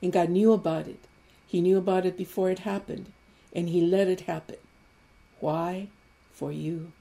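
A woman's voice: fairly low pitch, flat delivery, gravelly. Fervent woman preacher. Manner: fervent, building to loud exclamations; emphatic repetition with pauses. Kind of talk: Easter sermon.

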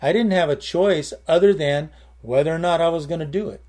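Preaching at a fairly quick clip, the man has a slightly high voice with a darkish tone. His sermon is conversational, punctuated by short prayers and repeated key phrases.

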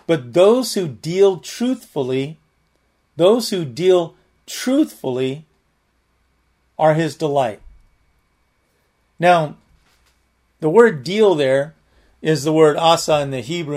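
A man with a slightly higher voice leads a casual, unscripted Bible study. He talks earnestly and plainly, circling back with restarts and filler as he works through a verse. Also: a little mellow. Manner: rambling, many restarts and "you know" fillers. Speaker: Bible teacher. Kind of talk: conversational Bible teaching.

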